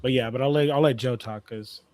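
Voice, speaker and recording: A man's voice: mid-range voice, brisk, darkish tone, a little hiss or hum. A man co-hosting a casual sports talk show, chatty and leaning heavily on fillers as he talks. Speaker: co-host.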